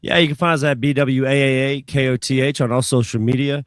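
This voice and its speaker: A man co-hosting a podcast, relaxed and casual, mostly giving short agreeing reactions. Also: mid-range voice, fast, no echo, studio quality. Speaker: podcast co-host. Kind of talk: casual chat.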